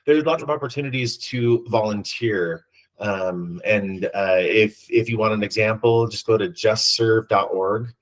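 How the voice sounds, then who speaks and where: A man's voice: lowish voice, measured pace, poor audio. A man co-hosting a podcast, chatting casually and rambling with many ums and restarts. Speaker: podcast co-host. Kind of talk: casual chat.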